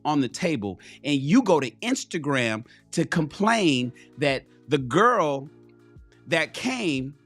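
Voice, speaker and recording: A man's voice: high-pitched, a bit bright. A man ranting bluntly and profanely on a casual live stream, preaching to his viewers.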